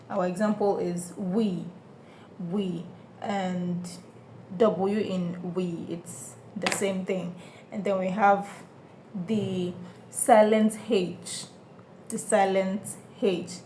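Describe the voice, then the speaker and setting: Slow, patient woman teaching pronunciation. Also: fairly low pitch, warm tone, a little hiss or hum. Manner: patient, repeats each sound slowly and checks understanding. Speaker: French teacher. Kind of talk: beginner pronunciation lesson.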